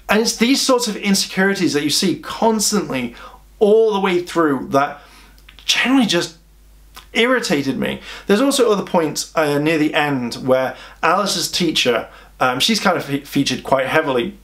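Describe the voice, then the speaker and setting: A man's voice: fairly high pitch, expressive, normal speed, fairly bright tone. A man giving a casual, chatty video review of an anime, rambling and exasperated with many restarts.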